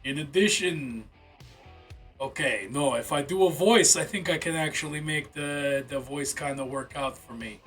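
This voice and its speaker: Bright-voiced casual streamer guy. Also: fairly high pitch, moderate pace, slightly rough, soft background music. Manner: reads game rules aloud, then reacts with casual, swearing asides. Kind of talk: casual livestream commentary.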